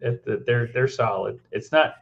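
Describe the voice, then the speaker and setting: A man's voice: medium pitch, moderate pace, creaky. A man co-hosting a casual chat, rambling and circling back to repeat his words. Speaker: podcast co-host. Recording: dull lo-fi recording.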